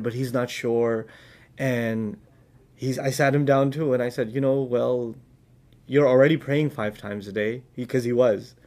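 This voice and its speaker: A man with a voice of ordinary pitch delivers a religious advice talk. He speaks earnestly, telling personal stories and translating verses line by line. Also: darkish tone. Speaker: Islamic speaker.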